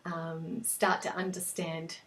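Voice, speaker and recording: A woman's voice: deep voice, little pitch movement, slow pace. Patient Australian woman teaching English. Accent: general Australian. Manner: clear, patient, explaining step by step. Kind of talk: explanatory language lesson.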